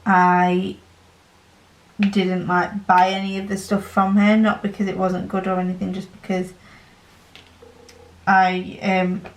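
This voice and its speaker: A young woman with a Yorkshire accent chats unhurriedly, circling back on her words with plenty of fillers as she talks her way through a craft session. Her voice sits at an ordinary middle pitch. The room around her gives a noticeable echo. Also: completely flat delivery, slow pace, long pauses. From Northern England. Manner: rambling, chatty, lots of fillers. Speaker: diamond painting channel host. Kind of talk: casual chat while crafting.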